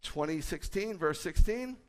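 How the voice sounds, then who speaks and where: Man, rabbi preaching, animated, emphatic loud peaks, long hall reverb. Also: high-pitched, measured pace, smooth. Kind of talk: sermon.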